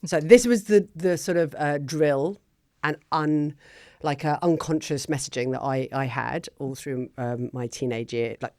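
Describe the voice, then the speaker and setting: A middle-aged woman, telling her story as a guest in a casual interview in an animated, chatty way. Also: low voice, measured pace, dry recording, studio quality. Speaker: guest, business founder.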